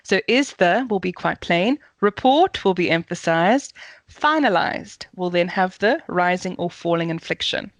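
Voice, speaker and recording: A woman's voice: on the low side, lively intonation, unhurried, no echo. A woman with a South African accent, a communications coach explaining voice technique in a podcast interview, often demonstrating intonation.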